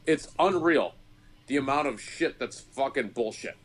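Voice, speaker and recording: A man who is drinking, ranting loudly and swearing nonstop as a regular guest on a podcast. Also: medium pitch, lively intonation, unhurried. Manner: loud, swearing nonstop, rambling. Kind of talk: profane comedic rant.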